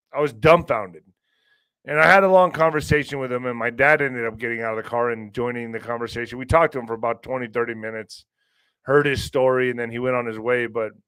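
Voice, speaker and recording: A man's voice: a little high, fairly bright tone, no echo. A middle-aged man hosting a show, talking to his audience in a rambling, conversational way. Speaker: podcast host. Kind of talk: casual monologue.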